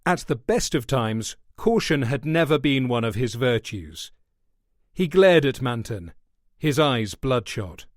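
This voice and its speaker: This is a male audiobook narrator reading a thriller in steady, measured scripted narration. His pitch is medium, and the studio-quality recording has no room sound.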